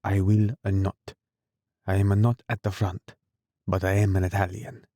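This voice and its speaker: A man's voice: low voice, flat delivery, a little slow, dark tone, no echo, clean studio sound. A man reading an audiobook, voicing a grave, suspicious middle-aged Italian barber who speaks in clipped lines. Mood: solemn. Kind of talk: audiobook character voice.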